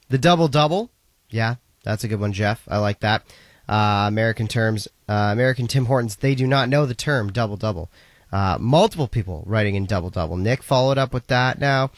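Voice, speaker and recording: A man's voice: lowish voice, no room sound. A man hosting a rock radio show, chatting casually and reading listener messages aloud in an upbeat way. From Canada. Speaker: radio host. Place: radio studio. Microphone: studio mic.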